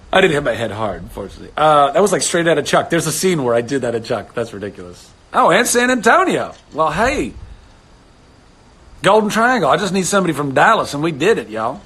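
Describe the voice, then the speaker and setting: A man in his thirties hosting a casual live stream from home, chatting with viewers, animated and laughing often. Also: slightly rough, poor audio. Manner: animated, laughs often, jumps to sudden high exclamations. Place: home studio indoors.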